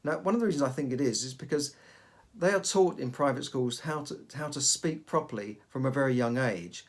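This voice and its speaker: A man's voice: mid-range voice, fairly quick. A middle-aged man, hosting a podcast and giving casual advice, often repeating and restarting his words. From United Kingdom. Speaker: podcast host.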